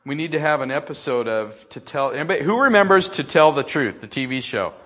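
An older man preaching a sermon, dropping to slow hushed phrases and then rising loud and excited. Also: medium pitch. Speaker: pastor. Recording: slightly dull, lo-fi.

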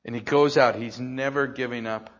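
An older man preaching a sermon, dropping to slow hushed phrases and then rising loud and excited. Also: medium pitch. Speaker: pastor. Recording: slightly dull, lo-fi.

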